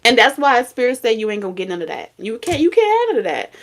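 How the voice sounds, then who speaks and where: A tarot reader gives a reading in blunt, profane street talk, scolding and repeating herself a lot, breaking into sudden laughs and bits of song. Her voice is on the high side, swings widely in pitch, and moves fast.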